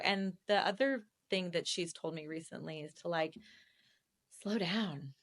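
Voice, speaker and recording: A woman guest on a podcast, telling candid personal stories in an animated, conversational way and laughing often. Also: fairly low pitch, unhurried. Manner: animated, laughs often, acts out quoted voices. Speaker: real estate agent, podcast guest.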